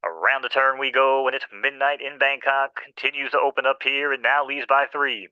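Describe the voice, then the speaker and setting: A man calling a horse race with playful, rhythmic, rapid commentary. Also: medium pitch, steady tone, clean tone, dry recording, muffled recording.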